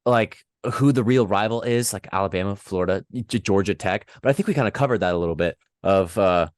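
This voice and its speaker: A man hosting a casual interview, laid-back and quick to laugh. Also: on the low side, a little mellow, no room sound, clean studio sound. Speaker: podcast host.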